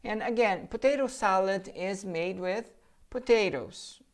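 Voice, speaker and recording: A woman's voice: mid-range voice, unhurried. A woman with a Brazilian Portuguese accent, teaching English vocabulary in a pronunciation drill, carefully modeling each word for students to repeat. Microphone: handheld or desk microphone.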